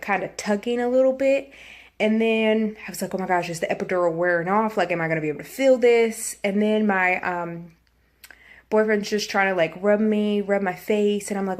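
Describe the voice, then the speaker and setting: A young woman talks straight to her viewers in a casual storytime vlog. She chats loosely, filling pauses with "like" and "um", and slips into little acted-out quotes of her own past words. Her pitch sits at an ordinary middle height for a woman. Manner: chatty, filler-heavy retelling, acts out her own past panic in quotes. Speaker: vlogger.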